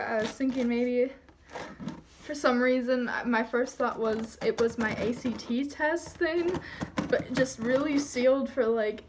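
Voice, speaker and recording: A teenage girl vlogger with a high-pitched voice rambles through a casual unboxing, giddy and self-conscious, apologizing for how she sounds. A little hiss or hum is audible.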